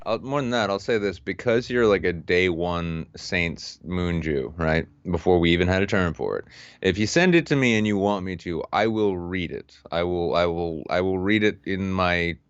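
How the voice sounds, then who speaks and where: A man's voice: low-pitched, normal speed, smooth, no echo, highs cut off. A man co-hosting a podcast in casual chat, joking and laughing often with rambling restarts. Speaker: podcast co-host.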